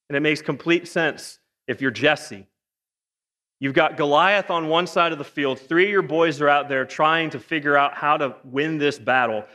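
A man preaching a sermon in a lively, joking way, firing off rhetorical questions. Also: on the high side. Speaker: pastor. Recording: long hall reverb.

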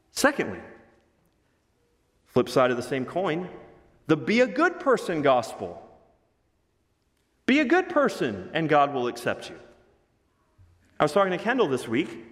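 A man preaching a sermon as pastor to his congregation, emphatic and swinging his pace for emphasis. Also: fairly high pitch. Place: church sanctuary. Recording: reverberant hall.

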